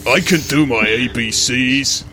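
A man's voice: mid-range voice, measured pace, bright, forceful tone, soft background music. A man playing a tabletop game, joking around with the others. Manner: playful, jokey. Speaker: player. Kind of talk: casual tabletop chat.

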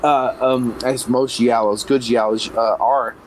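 A man chatting casually on a podcast, enthusiastic and profane, often jumping up in excitement. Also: medium pitch, unhurried, slight background noise, low-quality recording. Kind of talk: casual chat.

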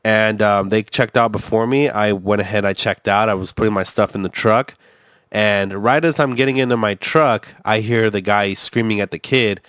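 A man's voice: fairly low pitch, normal speed, a bit bright, smooth, no room sound, clean studio sound. Rambling, profane man in casual chat. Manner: rambling, profane, frequent fillers and restarts. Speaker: co-host reacting to a video.

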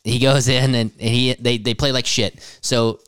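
A man's voice: medium pitch, level tone, normal speed, fairly bright tone, smooth, dry recording. A man co-hosting a podcast, recapping a movie in a rambling, profane way and laughing often. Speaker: podcast co-host. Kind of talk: casual crude movie recap.

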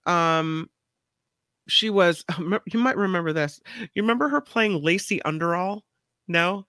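A woman's voice: lowish voice, lively intonation, measured pace, a bit bright, clear, resonant tone, no room sound, studio quality. A woman co-hosting a radio show, chatting casually about celebrity news with plenty of fillers. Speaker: co-host.

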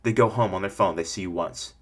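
A man hosting a podcast, giving casual business coaching in an energetic, rambling way and acting out what customers would say. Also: sits low, fairly quick, slightly rough. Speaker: podcast host.

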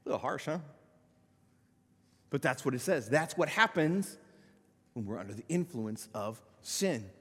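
A male pastor preaching a sermon, swinging between loud emphatic peaks and quiet, low-voiced asides. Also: sing-song, unhurried, pauses often, breathy edge, in a large hall. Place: church sanctuary.

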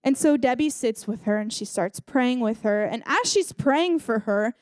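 A woman's voice: fairly high pitch, animated, moderate pace, darkish tone, no room sound. A young woman giving a casual sermon at a church service, telling a story and talking in a chatty way with many fillers.

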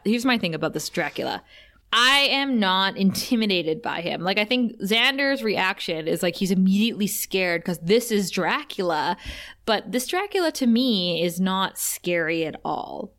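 A woman chatting as a podcast co-host, lively and animated. She laughs often and keeps the talk loose and playful. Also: medium pitch, moderate pace. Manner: animated, laughs often, acts out lines from the episode. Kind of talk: casual chat recapping a TV episode.

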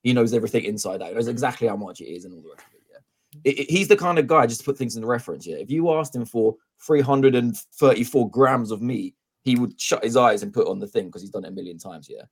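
Mid-range in pitch with a breathy edge, this co-host talks fast through a long story on a casual podcast. Animated throughout, he plays both sides of the conversation and doesn't hold back on swearing.

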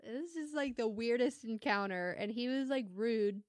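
A woman who is a mother, chatting casually as a podcast co-host, telling animated stories, laughing often and acting out what people said. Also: a little high, moderate pace, no room sound, clean studio sound. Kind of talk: casual storytelling chat.

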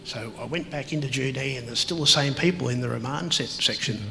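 A man telling his life story as an interview guest, halting and reflective, with many pauses and fillers. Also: medium pitch, creaky, big-room sound, over music, rough recording. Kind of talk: personal testimony in an interview.

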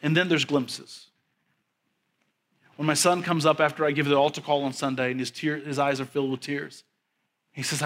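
A man in his thirties preaching a sermon in a high, bright voice. He builds to emphatic, repeated lines. Then he drops to a soft, quiet voice to tell stories about his children. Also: flat delivery, moderate pace, pauses often. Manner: preaching with rising, emphatic repetition. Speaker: pastor.

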